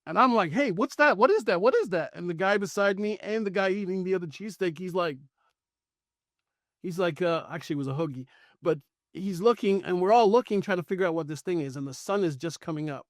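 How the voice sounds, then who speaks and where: In clean studio audio with no room sound, a high-voiced middle-aged man talks a little fast as he shares a personal story on a podcast. He's animated and casual, performing the dialogue of each person in the tale.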